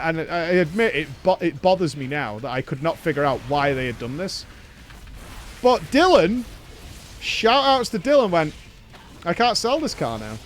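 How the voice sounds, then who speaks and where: Talking loosely to his live-stream audience in a high voice, a man recounts a story, performing the dialogue with energy and dropping casual curse words.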